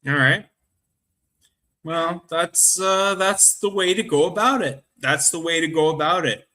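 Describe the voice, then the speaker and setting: A man hosting a casual talk radio chat, slow, chatty and rambling. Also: on the high side, sharp tone. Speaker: host.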